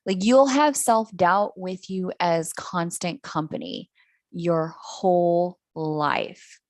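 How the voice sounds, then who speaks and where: A woman's voice: fairly low pitch, animated, slow pace, no room sound, clean studio sound. A woman giving a live-streamed astrology reading, candid and self-mocking, who laughs often and swears casually. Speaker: astrology reader.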